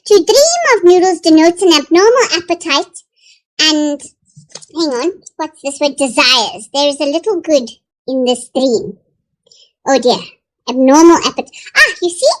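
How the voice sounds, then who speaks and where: A woman's voice: high voice, lively intonation, measured pace, pitched above the performer's own voice, low-quality recording. A woman putting on a Scottish accent and theatrically reading dream meanings aloud. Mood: playful. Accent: put-on Scottish.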